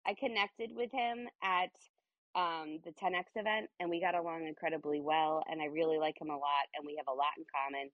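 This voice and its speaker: A woman's voice: low voice, fairly even intonation, a little fast, dry recording, narrow, tinny audio. A woman speaking to an audience at a business event, emphatic, repeating phrases and checking in with "okay?". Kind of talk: motivational talk to an audience.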